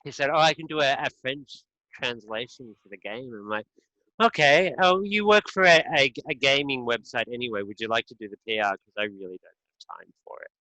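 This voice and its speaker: A man's voice: mid-range voice, big pitch swings, fairly quick, bright, forceful tone, no echo, low-quality recording. A man who hosts a game developer podcast, talking in a laid-back, jokey way. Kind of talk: casual podcast chat.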